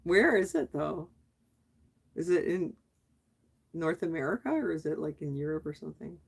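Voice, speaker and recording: A middle-aged woman with a slightly low, slightly rough voice and vocal fry hosts a relaxed live chat stream at a moderate pace. She reads viewer comments, answers them easily, often tosses questions back, and laughs a lot.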